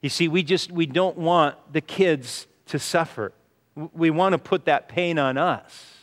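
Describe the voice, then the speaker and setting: A man delivers a sermon in an earnest, storytelling manner and keeps coming back to "you see". His voice sits on the high side, and he takes his time. The sound rings with the long echo of a large hall. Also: measured pace, fairly bright tone. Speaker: pastor. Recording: reverberant hall.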